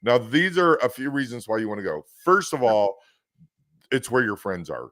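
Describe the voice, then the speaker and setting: A man's voice: medium pitch, very animated, normal speed, fairly bright tone, no echo, studio quality. A man with a West Coast American accent hosting a casual podcast, telling rambling stories full of restarts. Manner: rambling, chatty storyteller with many restarts. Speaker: host.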